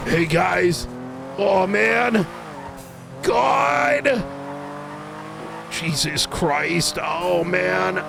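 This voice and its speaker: A man's voice: a little high, background noise. A man chatting casually on a live stream, rambling with restarts and the odd swear.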